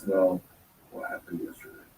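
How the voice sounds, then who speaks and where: Male guest, low register, rambling casual storyteller, echoey room with faint background hiss. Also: normal speed, warm tone. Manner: rambling, acts out quoted lines of dialogue. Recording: roomy echo, distant from mic.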